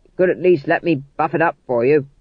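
Guy putting on a blunt shouty sergeant, keen to set things on fire, dry dull sound. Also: on the high side, brisk, breathy edge, dry recording. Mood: eager. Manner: barking, blunt. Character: loud, overeager male sergeant, eager to burn things. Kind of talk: audiobook narration.

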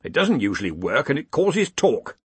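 A man's voice: mid-range voice, big pitch swings, moderate pace, husky, no room sound, pitched above the performer's own voice. A man voicing a bluff, commanding older head wizard in an audiobook. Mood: hearty.

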